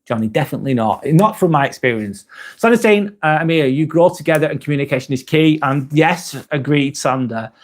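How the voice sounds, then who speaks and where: A man's voice: a little high, animated, fairly quick. A man hosting a live stream, chatting casually, reading viewer comments aloud and swearing now and then.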